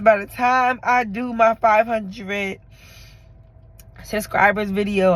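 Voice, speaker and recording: Tearful woman vlogger, heartfelt and halting, talking straight to camera in a mid-range voice. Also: medium pitch, rough recording. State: tearful from crying. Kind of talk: emotional confessional vlog.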